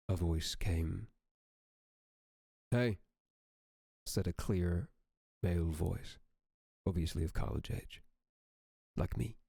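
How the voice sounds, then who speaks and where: A man streaming, who reads a horror story aloud in a slow, steady storytelling manner. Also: sits low, creaky, breathy edge, dry recording.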